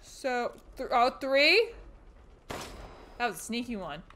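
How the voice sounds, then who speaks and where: This is let's-play commentary from a woman playing a horror game, jumpy and eager, who yells back at the characters when she gets scared. Her voice leans high, she talks slowly, and there's a faint hiss or hum.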